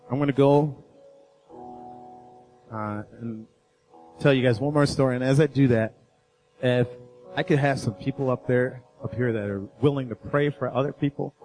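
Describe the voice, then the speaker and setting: A man's voice: mid-range voice, darkish tone. A male guest speaker preaching a sermon in a church, telling a story and urging the congregation to confess and forgive. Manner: storytelling preacher, rising intensity, urgent appeals. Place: church sanctuary.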